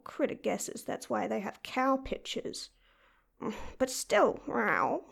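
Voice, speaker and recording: A woman voicing a meowing cat-girl, high and creaky. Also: heavily acted. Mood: curious. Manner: refers to herself in third person, meows often. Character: playful female house cat in a young woman's body. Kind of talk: audio role-play addressed to the listener.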